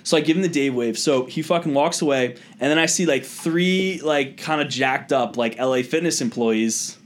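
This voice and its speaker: Young man, casual podcast co-host, animated storyteller who acts out voices and swears a lot, mid-pitched voice. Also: moderate pace.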